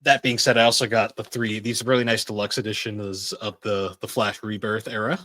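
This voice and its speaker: A man's voice: on the low side, fairly even intonation, a little fast, sharp tone, no room sound. A young adult man co-hosting a podcast in casual chat, rambling and swearing freely. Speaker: podcast co-host.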